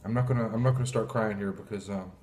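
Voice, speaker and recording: Man, pastor, low voice, emotional sermon, faint background noise. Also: a little mellow. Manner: heartfelt, halting, clears throat often.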